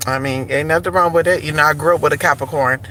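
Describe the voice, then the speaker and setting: A man's voice: on the high side, fairly even intonation, quick pace, bright, forceful tone. Sassy chatty man vlogging from his car. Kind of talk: casual car vlog. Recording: traffic noise behind. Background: road traffic.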